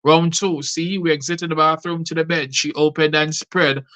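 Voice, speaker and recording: A man's voice: on the high side, fairly even intonation, normal speed, pushed and bright. A man who hosts a show and recites his rhyming poetry in a rhythmic delivery. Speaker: poet and show host.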